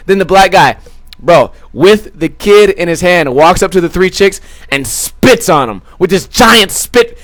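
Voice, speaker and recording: A man's voice: high voice, animated, moderate pace, fairly bright tone, no room sound. A young man hosting a podcast, telling a rambling, crude story full of swearing and acted-out quotes. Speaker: podcast host. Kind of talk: casual storytelling.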